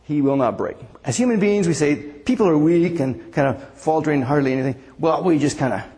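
A male pastor delivering a sermon in an easy, conversational way, often turning to his listeners with questions. His voice sits a little high for a man. The sound carries a long reverb, as in a church hall. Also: lively intonation, brisk, mellow. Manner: conversational, asks the congregation questions.

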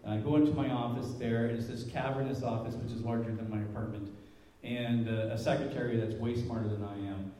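A man's voice: fairly low pitch, dark tone. Man preaching in an echoey hall. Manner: rambling, many fillers and restarts. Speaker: lay speaker at church. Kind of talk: informal church talk with a personal story. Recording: echoey hall, speaker far from mic.

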